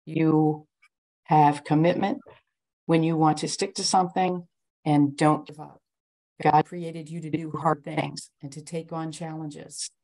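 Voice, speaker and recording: A woman reading self-affirmations aloud as a cast member, in a measured, firm way. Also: sits low, vocal fry, mellow, low-quality recording.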